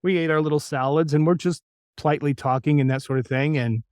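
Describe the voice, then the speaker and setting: A male voice actor telling an anecdote in an interview, acting out the quotes with animated delivery. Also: a little high, quick pace, clear, resonant tone, no room sound, clean studio sound. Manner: animated anecdote teller who acts out quotes. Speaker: voice actor guest. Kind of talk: storytelling in a podcast interview.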